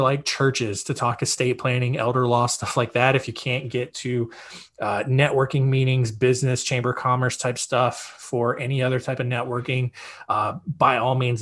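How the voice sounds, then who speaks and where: Husky upbeat man giving casual advice. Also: medium pitch. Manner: upbeat, conversational, frequent fillers and check-ins. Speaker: podcast host.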